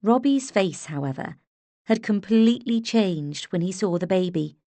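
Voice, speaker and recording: A woman narrating an audiobook in a measured, unhurried way, close to the mic. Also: medium pitch, expressive, mellow, no echo. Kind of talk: scripted narration.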